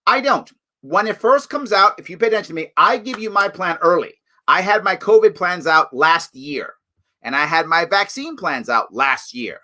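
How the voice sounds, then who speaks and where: A man hosting his own political commentary livestream, talking in a sarcastic, animated, mocking way. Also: sits high, moderate pace, slight background noise. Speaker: show host.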